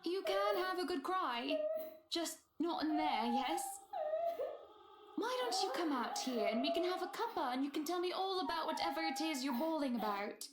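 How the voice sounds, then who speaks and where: A woman doing a prim young lady of the house in a game, high-pitched and coaxingly polite. The voice sits in an echoey room. A loud hiss runs beneath it. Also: lively intonation, normal speed.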